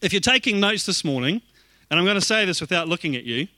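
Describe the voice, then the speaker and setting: A man with a high, bright voice preaches to his church with energy. He shifts easily into playful asides and little jokes with the congregation. The sound is close and dry, with almost no room echo. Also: fast talker. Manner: lively, joking asides to the congregation. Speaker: pastor. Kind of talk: sermon.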